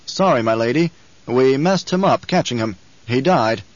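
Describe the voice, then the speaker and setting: A man doing a loud, blunt guard officer. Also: medium pitch, animated, normal speed, dry recording, lo-fi sound, close to an everyday voice. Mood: dutiful.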